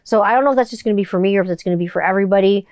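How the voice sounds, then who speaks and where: A woman's voice: mid-range voice, rapid-fire, darkish tone, no echo, clean studio sound. A woman hosting a casual solo podcast, rambling playfully with plenty of "like"s. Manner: chatty, rambling, playful, frequent fillers and laughs. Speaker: podcast host.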